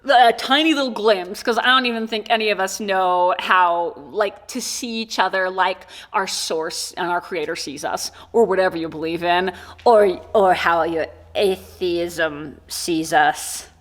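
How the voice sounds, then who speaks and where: A woman's voice: fairly low pitch, measured pace. A woman chatting casually in an unboxing vlog, bubbly and giggly, rambling with lots of "like"s. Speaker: corset maker and vlogger.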